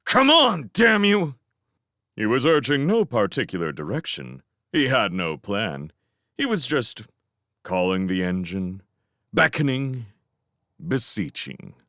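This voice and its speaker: A man giving a dramatic fan reading of a novel, swinging between tense urgency and hushed lines. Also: lowish voice, sing-song, a little slow, no echo, clean studio sound. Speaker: audiobook reader.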